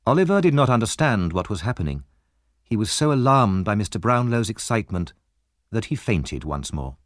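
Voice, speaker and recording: A man narrating a story as an audiobook, with expressive, lively storytelling. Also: on the low side, normal speed, dry recording, studio quality.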